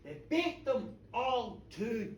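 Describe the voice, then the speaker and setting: Animated woman telling a folk tale. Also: fairly high pitch, takes it slowly, very noisy. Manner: animated, dramatic, playful. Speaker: storyteller. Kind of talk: live folk-tale storytelling. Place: pub, indoors. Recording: echoey pub room, distant mic, faint ambience.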